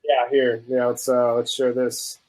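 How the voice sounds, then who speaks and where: A man's voice: medium pitch, level tone, unhurried, a little mellow, rough recording. A man on a video call, casually telling a story with animation and acting out both sides of an argument. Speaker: guest on video chat. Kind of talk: casual chat.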